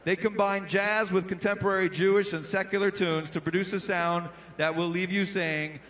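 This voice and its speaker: A man's voice: high-pitched, fairly even intonation, moderate pace, fairly bright tone. A male stand-up comedian and emcee, punchy and playful, riffing with a crowd on a big indoor arena stage through a handheld microphone.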